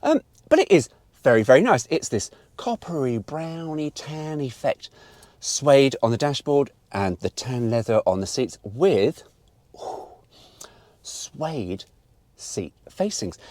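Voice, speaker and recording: A man's voice: mid-range voice, animated, unhurried, darkish tone, dry recording. A middle-aged man, giving a chatty, blunt and opinionated car review walkaround with some mild swearing.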